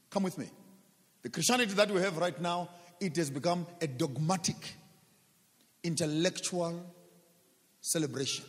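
A man preaching with a fairly high voice, pressing his points with rhetorical questions and repeated words. He slows down to drag out the words he stresses. His voice rings with the long echo of a big hall. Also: expressive, a bit bright. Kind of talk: sermon. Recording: long reverb of a large hall.

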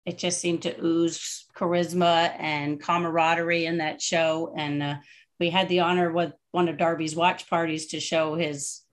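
A woman hosting a casual tribute chat over a video call, chatty and quick to laugh. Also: low voice, little pitch movement. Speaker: host.

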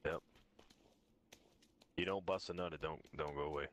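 A man's voice: very deep voice, fairly even intonation, normal speed, a bit bright, dry recording. A man in a gaming party chat, talking laid-back and profane over a headset. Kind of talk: casual party-chat banter.

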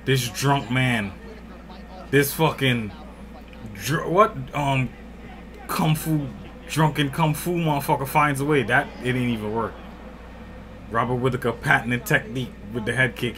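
A man in a home room watching a fight and talking over it, his voice at an ordinary middle pitch. He calls the action in loose, excited bursts, swears freely and shouts when the fight heats up. It sounds like a desk mic in a home setup. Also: a little hiss or hum. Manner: loud excited outbursts and profanity, often shouting and laughing. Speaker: fight reaction streamer. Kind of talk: excited live fight commentary.

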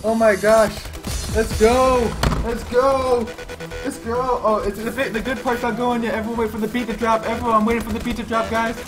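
Hyped high-voiced male streamer. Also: moderate pace, over music. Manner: excitable, loud, repeats phrases. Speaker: live streamer. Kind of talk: hyped live-stream chat to viewers.

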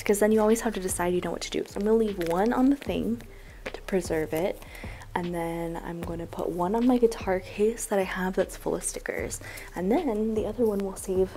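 A young woman vlogger chatting casually while unboxing gifts, excitable and gushing, saying "like" a lot. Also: medium pitch. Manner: excitable, gushing, says "like" often.

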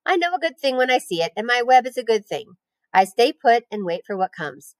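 A woman reading aloud, voicing a calm and motherly female barn spider who speaks firmly and soothingly. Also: on the high side, a little fast, no room sound, pitched above the performer's own voice, poor audio.

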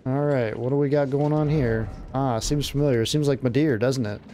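A man giving casual, excitable let's-play commentary, blurting out exclamations as he plays. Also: medium pitch, normal speed, faint music behind. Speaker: gameplay commentator.

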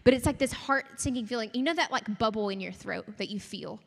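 A young woman giving a conversational, animated sermon to a campus group, often asking the audience questions. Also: a little high, a little fast, vocal fry. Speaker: campus ministry speaker. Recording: long hall reverb.

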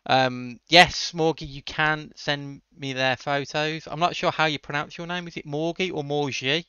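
A man's voice: fairly high pitch, fairly even intonation, normal speed, sharp tone, clear, resonant tone, no echo, highs cut off. A man hosting a casual coding livestream, answering chat questions with dry jokes. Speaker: livestream host.

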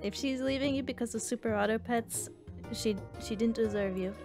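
A young woman streaming a game, chatting casually with her chat and reacting loudly to each round. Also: a little high, fairly quick, gravelly. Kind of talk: casual gameplay commentary. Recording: faint background music.

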